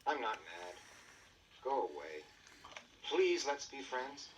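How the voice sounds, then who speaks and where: A man's voice: mid-range voice, big pitch swings, slow pace, distant mic, slight background noise, pitched above the performer's own voice, rough recording. A man voicing an earnest, sensitive young boy on a storybook record, in a boyish, plaintive voice. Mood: upset.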